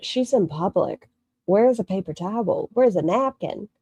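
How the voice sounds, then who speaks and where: A woman's voice: mid-range voice, animated, moderate pace, dark tone, husky, no echo. A woman making snarky reaction commentary on a video, mocking it and swearing freely. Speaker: commentary streamer.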